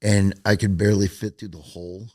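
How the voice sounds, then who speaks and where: A man hosting his own TV show, telling a story in an animated, casual way and swearing freely. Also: deep voice, a little fast, no echo, clean studio sound.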